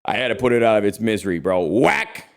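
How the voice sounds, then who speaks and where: Dude in his 30s ranting through a story, swears a lot, kinda low voice. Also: quick pace. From lives in Texas. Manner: animated, profane, calls listeners bro. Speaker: podcast host. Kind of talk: casual storytelling chat.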